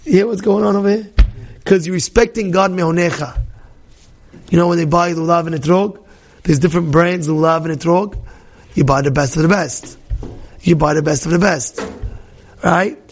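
A man teaching as a rabbi in a lively Torah class, repeating his points and acting out the people in his stories. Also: fairly high pitch, moderate pace, pauses often. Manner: animated, repeats phrases, acts out quoted people.

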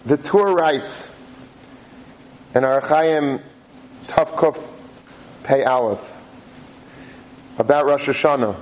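A man giving a religious talk, telling a story in a halting way with many restarts. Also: medium pitch, low-quality recording. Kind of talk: sermon storytelling.

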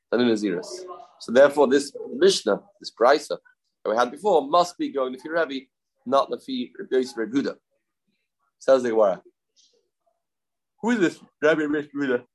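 A man's voice: mid-range voice, low-quality recording. A man teaching a daily Talmud lesson, mixing English with Hebrew and Aramaic terms, often repeating phrases and asking himself questions.

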